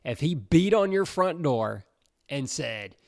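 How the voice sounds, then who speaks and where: Young male youth podcast host. Earnest and chatty, with a gravelly texture and a dry, close sound. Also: a little high, lively intonation, slow, dry recording. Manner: earnest and conversational, with many fillers. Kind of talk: informal youth devotional talk.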